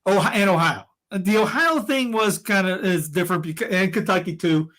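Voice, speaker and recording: A man's voice: sits high, a little fast, fairly bright tone. A man co-hosting a podcast, talking in a rambling, heated way with many restarts and fillers. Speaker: podcast co-host. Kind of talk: casual opinion chat.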